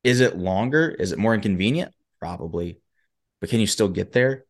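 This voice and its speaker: A man who is a motivational speaker, guesting on a talk show, telling a story in an animated way and acting out its characters. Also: on the low side, normal speed.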